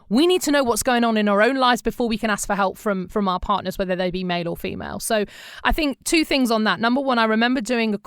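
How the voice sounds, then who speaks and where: A middle-aged woman from England chatting on a podcast, her voice sitting a little high. She tells stories with lots of animation and acts out the people she quotes. The sound is dry and close. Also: clean tone, dry recording. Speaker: podcast co-host. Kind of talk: casual podcast chat.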